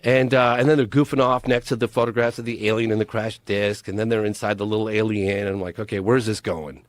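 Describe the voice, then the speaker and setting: A man's voice: fairly low pitch, steady tone, quick pace, no echo. A man telling a long story as a guest on a casual podcast. He talks emphatically and animatedly, with many restarts. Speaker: podcast guest, documentary filmmaker.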